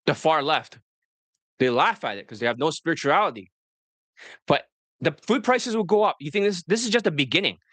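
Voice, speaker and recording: Animated, profane man coaching to camera. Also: sits high, no room sound. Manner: profane, blunt, talks straight to viewers. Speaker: dating coach.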